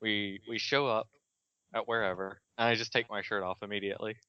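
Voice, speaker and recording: A man with a low, bright voice jokes playfully on a podcast, stammering as he restarts. His voice is smooth. The recording is dry and dull. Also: flat delivery, a little fast, no echo. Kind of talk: casual podcast chat.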